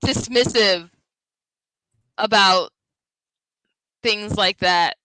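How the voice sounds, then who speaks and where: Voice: medium pitch, very slow, bright, forceful tone, a little hiss or hum, rough recording. A co-host in a casual gaming chat, chatty and full of fillers. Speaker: podcast co-host.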